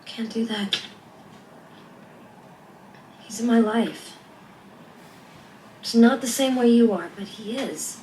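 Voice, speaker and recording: An actress playing a woman pleading with her angry boyfriend in a TV drama, earnest and soft-spoken. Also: fairly high pitch, slow, pauses often, a little hiss or hum. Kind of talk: TV drama acting. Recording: roomy, distant TV clip audio.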